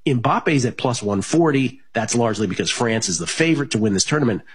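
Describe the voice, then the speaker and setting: A man's voice: medium pitch, lively intonation, a little fast, breathy edge. A man hosting a sports betting radio show, talking casually with plenty of fillers and restarts. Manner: rambling, many fillers and restarts.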